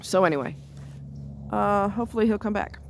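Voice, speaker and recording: A woman's voice: medium pitch, fairly quick, gravelly, slight background noise. A woman telling a story in casual chat, blunt and salty with frequent asides, recorded outdoors near a road while walking her dog. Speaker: vlogger.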